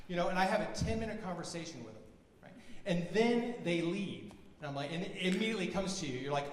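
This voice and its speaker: High-voiced man doing loud stand-up. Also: expressive, fairly quick, long pauses. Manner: loud exasperated storytelling, shouting punchlines. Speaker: stand-up comedian. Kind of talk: stand-up comedy set. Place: comedy venue with live audience. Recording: echoey venue from a distance, audience noise.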